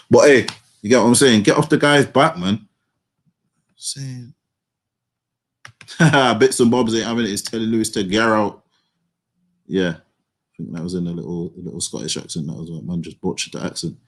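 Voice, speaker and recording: A man's voice: fairly low pitch, breathy edge. A man co-hosting a football podcast. He talks in casual slang, rambles and keeps asking "you get what I'm saying?". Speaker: podcast co-host.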